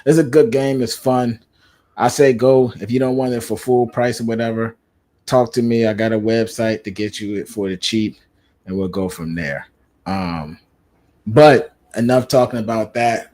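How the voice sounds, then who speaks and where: A man's voice: on the low side, normal speed. Laid-back man hosting a chat show. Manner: animated storytelling, acts out quotes, laughs often. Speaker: podcast host. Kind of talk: casual chat.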